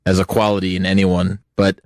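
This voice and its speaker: Soft-spoken male co-host, lower voice. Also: monotone, a little fast, no echo, studio quality. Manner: mild, soft-spoken replies. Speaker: podcast co-host. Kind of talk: casual talk show banter.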